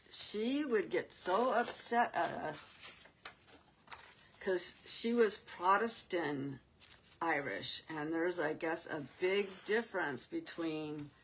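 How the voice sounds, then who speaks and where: Soft-spoken older woman, slow crafting chat. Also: deep voice, slight background noise. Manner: chatty, rambling, with soft laughs. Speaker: crafting channel host.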